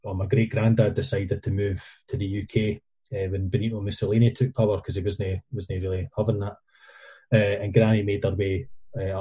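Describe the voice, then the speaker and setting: A man's voice: fairly low pitch, warm tone, husky. A man with a Scottish accent, a guest in a casual chat, rambling and swearing, often repeating his words as he searches for what to say. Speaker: guest, documentary maker.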